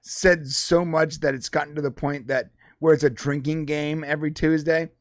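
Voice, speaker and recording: Higher-pitched guy cohosting a pop culture podcast, animated, dry close mic. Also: moderate pace, no echo. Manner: animated, acts out quotes in put-on voices. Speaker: podcast co-host. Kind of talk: casual pop culture chat.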